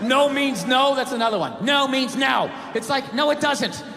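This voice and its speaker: A man doing stand-up comedy, ranting loudly and exasperated, often shouting and swearing. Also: very high voice, lively intonation, moderate pace, gravelly. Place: live comedy club stage. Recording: live club set with loud crowd laughter and noise.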